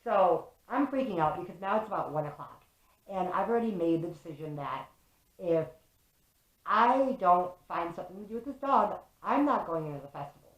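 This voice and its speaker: Animated young woman vlogger, echoey room. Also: lowish voice, normal speed. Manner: animated, swears often, fills with "like". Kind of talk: casual storytelling to camera.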